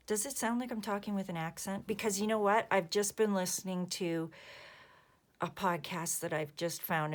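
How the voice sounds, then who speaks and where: A woman in her fifties talks slowly in a lowish voice, chatting casually as she works on a craft. She rambles gently and keeps dropping into soft mutters to herself. Her tone is unhurried and personal. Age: 50s. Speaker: crafting vlogger. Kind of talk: casual chat while crafting.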